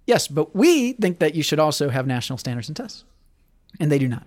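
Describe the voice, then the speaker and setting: A man's voice: a little high, very animated, brisk. A man co-hosting a podcast, bantering and teasing his co-host in casual chat.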